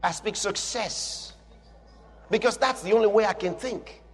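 A man's voice: high voice, measured pace, in a large hall. A man preaching a sermon with emphatic, repetitive declarations.

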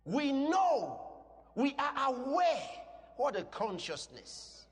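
A man preaching a sermon, moving between quiet teaching and shouted declarations. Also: very high-pitched. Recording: long hall reverb.

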